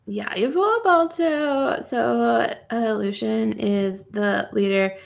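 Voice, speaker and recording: A woman co-hosting a casual podcast, playful and quick to laugh and joke. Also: a little high, creaky. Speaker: podcast co-host. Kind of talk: casual chat.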